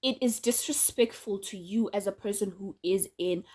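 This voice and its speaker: A woman's voice: mid-range voice, normal speed, a little mellow. A woman, talking casually and frankly to her viewers, often breaking into laughter. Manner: opinionated, chatty, laughs often, addresses viewers directly. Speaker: vlogger and podcaster. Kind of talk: casual direct-to-camera monologue.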